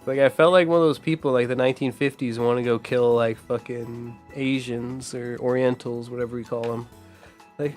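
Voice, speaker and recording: A man's voice: mid-range voice, fairly even intonation, normal speed, a little mellow, soft background music. A man streaming a game, ranting casually with heavy swearing and frequent laughter. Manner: profane, rambling, laughs often.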